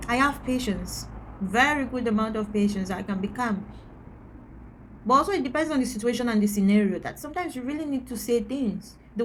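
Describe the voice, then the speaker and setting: A woman's voice: a little high, a little hiss or hum. A woman, ranting candidly to camera as a vlogger, blunt and emphatic, repeating her points for stress. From Antigua.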